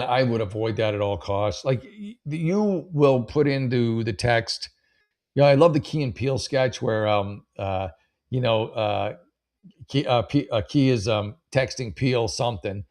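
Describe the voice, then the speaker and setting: Rambling, unfiltered male podcast host. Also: mid-range voice. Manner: rambling and unfiltered, with many fillers and swearing. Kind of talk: casual chat reading and advising on online posts.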